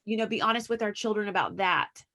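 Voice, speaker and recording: A woman's voice: mid-range voice, quick pace, a bit bright. A woman hosting a conversation about parenting, chatty and affirming, often agreeing with her guest. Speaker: host. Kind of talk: conversational talk show.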